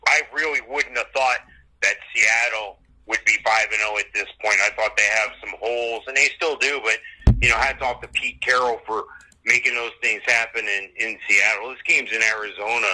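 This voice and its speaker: A man hosting a fantasy football radio show, giving a steady rundown of player rankings. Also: lowish voice, normal speed, poor audio. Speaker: host.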